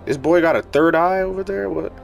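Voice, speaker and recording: A young man streaming a video game, reacting with excitable jokes, casual commentary and sudden loud outbursts. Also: fairly high pitch, brisk, vocal fry. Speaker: gaming streamer. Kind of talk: casual let's-play commentary. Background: game music.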